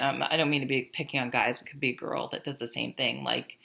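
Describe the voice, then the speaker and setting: Gravelly low-voiced woman reading tarot. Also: moderate pace, fairly bright tone. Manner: chatty, rambling, self-interrupting. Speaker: tarot reader. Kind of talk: casual tarot reading to camera.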